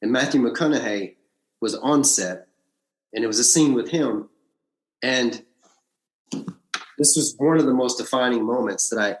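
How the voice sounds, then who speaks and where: A man's voice: measured pace, long pauses. Man telling a story in an echoey room. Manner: animated storyteller, frequent restarts and big pitch swings. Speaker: podcast guest. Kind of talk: casual storytelling interview.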